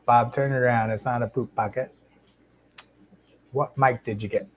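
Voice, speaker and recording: A man's voice: mid-range voice, normal speed, low-quality recording. Man chatting casually on a live stream. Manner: relaxed and chatty, with frequent fillers and restarts. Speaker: host of a live stream about keeping shrimp. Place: indoor home fish room with tanks. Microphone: lapel mic. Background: faint hum of aquarium tanks.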